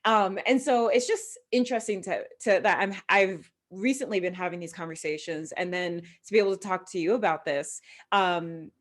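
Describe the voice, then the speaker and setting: A woman's voice: mid-range voice, moderate pace, few pauses. A woman hosting a conversational podcast interview, telling stories animatedly and acting out the voices she quotes. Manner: animated storyteller who acts out quoted voices. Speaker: podcast host.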